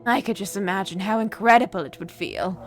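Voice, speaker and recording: A woman reading a cold, calm young man who craves violence, in an even, measured voice while reading a game aloud. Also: mid-range voice, faint music behind, lightly acted.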